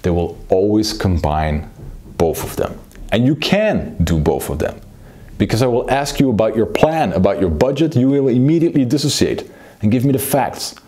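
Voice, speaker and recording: A man teaching public speaking, moving between a slow low delivery and a fast excited one to show the difference. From Belgium. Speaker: speaking coach. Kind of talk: public speaking lesson with demonstration.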